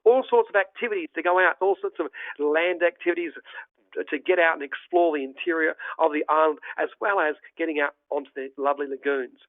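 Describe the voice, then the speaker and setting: A man's voice: fairly high pitch, brisk, no echo. A man giving an enthusiastic, descriptive virtual travel presentation. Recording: tinny phone-like dry line.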